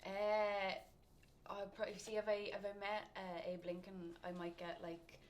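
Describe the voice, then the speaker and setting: A woman's voice: medium pitch, completely flat delivery, measured pace, a little hiss or hum. Giggly young Irish woman. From Ireland. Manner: giggly, offbeat jokes. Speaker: livestream co-host. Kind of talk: casual chat.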